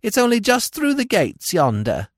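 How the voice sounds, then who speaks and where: A man's voice: high-pitched, wildly swooping pitch, moderate pace, no echo, studio quality, voice pushed up, full character voice. A man putting on a whining old woman beggar. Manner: whining sing-song plea.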